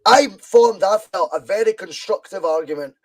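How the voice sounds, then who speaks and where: A man from Scotland hosts a football podcast, chatting casually and bluntly, swearing freely as he argues his views. His voice sits high and he speaks at a moderate pace.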